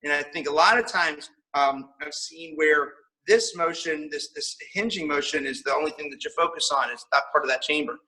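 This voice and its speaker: A man's voice: fairly high pitch, normal speed, bright, forceful tone, recorded from a distance, low-quality recording. A man teaching a martial arts class on video, upbeat and coaching as he counts out the kicks.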